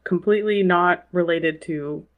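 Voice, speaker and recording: A woman's voice: fairly low pitch, a little slow, narrow, tinny audio. A woman in casual podcast chat, talking in a chatty way and laughing between points.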